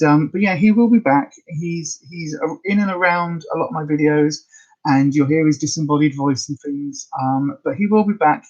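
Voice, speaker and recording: A woman's voice: low voice, darkish tone. A chatty woman talking casually on her weight-loss livestream. She rambles along with plenty of ums and restarts. The sound is dull and lo-fi.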